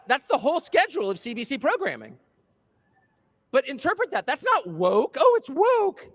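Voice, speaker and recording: A man's voice: very high voice, fairly bright tone. A man giving a political speech to a live audience, impassioned and sardonic, with mocking asides. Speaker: speaker addressing a live audience. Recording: long hall reverb.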